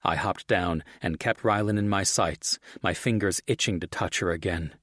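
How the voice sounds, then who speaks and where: Deep-voiced man narrating. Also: normal speed, a bit bright, no room sound, clean studio sound. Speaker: audiobook narrator. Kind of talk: scripted first-person romance narration.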